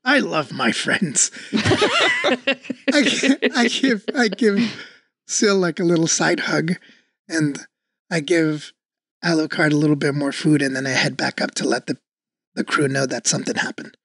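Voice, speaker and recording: Animated, earnest woman playing a tabletop game. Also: low voice, a little slow, pauses often, husky, dry recording, clean studio sound. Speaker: player. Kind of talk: casual tabletop role-play.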